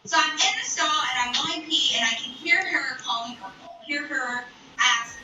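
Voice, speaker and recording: A young woman telling a story casually as a streamer, animated, chatty and full of swearing. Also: high voice, moderate pace. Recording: echoey room, far from mic, background noise. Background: video playing in the background.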